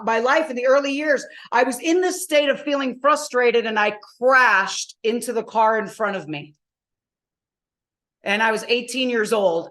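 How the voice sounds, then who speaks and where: A high-voiced woman coach leads a live online masterclass. She tells her stories with emphatic, animated energy, and her voice comes through a video call. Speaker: motivational coach.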